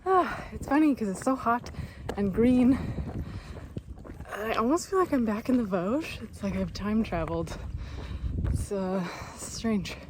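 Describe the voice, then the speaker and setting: Brief: upbeat woman hiker, casual phone vlog outdoors, steady noise behind. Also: a little high, unhurried, pauses often. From North America. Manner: bubbly, giggly storytelling. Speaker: solo thru-hiker vlogger. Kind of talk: casual vlog chat while hiking. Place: outdoors on a trail.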